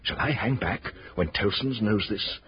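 A man's voice: lowish voice, measured pace, lightly acted. An actor playing a kindly, dutiful bank clerk of nearly eighty in a radio drama, speaking in a wry, fatherly way. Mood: earnest. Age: older. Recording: muffled old radio broadcast.

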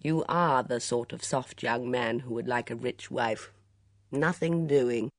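A woman voicing a sharp-tongued young woman with a crisp, teasing delivery. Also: extremely low pitch, measured pace, no room sound, studio quality, pitched below the performer's own voice. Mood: wry.

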